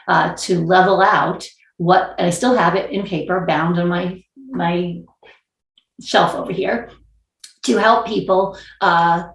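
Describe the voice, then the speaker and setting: A woman with a New York accent talks through her ideas as a panelist on a video call. Her voice sits a little low, and she keeps restarting and searching for the right word. The room around her sounds noticeably echoey. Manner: thoughtful, wordy, many restarts. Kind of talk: panel discussion.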